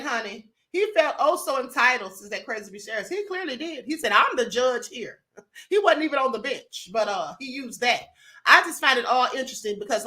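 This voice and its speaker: Sassy bright-voiced woman streamer. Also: high voice. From Kentucky. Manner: sassy, emphatic, laughs often, calls listeners honey and beloved. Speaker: livestream host. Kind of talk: casual commentary, reading viewer comments.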